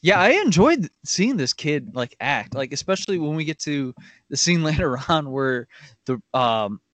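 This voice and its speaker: A man co-hosting a casual podcast, agreeable and relaxed, laughing as he talks. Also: a little high, normal speed, no room sound. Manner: easygoing, agreeable, laughs while talking. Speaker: podcast co-host. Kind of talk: casual chat.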